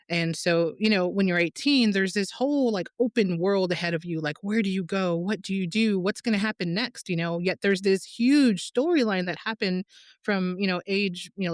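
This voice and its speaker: A woman documentary filmmaker in a casual interview, telling stories animatedly and acting out quotes. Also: no room sound. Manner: animated storyteller, acts out quotes with big pitch jumps.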